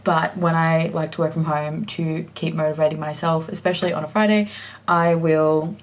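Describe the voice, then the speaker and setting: A woman's voice: low-pitched, fairly even intonation, moderate pace, distant mic. A woman chatting casually through a book review vlog at home, thinking aloud with restarts. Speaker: book vlogger. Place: home, working indoors.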